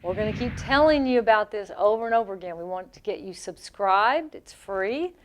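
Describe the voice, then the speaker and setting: A woman's voice: mid-range voice, animated, slight background noise. A woman with a Southern US accent co-hosting a radio show, chatting in a playful, talkative way. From American South. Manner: playful, talkative, quick asides. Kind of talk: casual radio chat.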